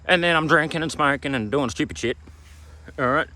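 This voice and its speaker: A man's voice: fairly high pitch, fairly quick, bright, forceful tone, dry recording. A man with an Australian accent giving an emphatic, preachy self-help talk, repeating slogans and checking in with "all right?". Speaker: motivational vlogger. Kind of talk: motivational self-help monologue.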